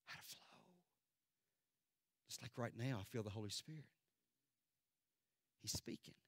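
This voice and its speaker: A man preaching a sermon as pastor, swinging from loud declarations to hushed near-whispers. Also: medium pitch, measured pace, no echo, studio quality. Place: church sanctuary.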